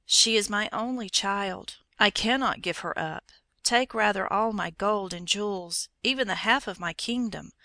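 A woman's voice: medium pitch, measured pace, sharp tone, dry recording. A woman voicing a grief-stricken old king who pleads in a trembling voice. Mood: pleading.

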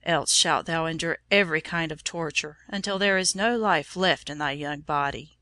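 A woman voicing a cruel, furious male governor who speaks roughly and commandingly in a storybook reading. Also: low voice, very animated, slow pace, sharp tone, no room sound, heavily acted. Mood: threatening.

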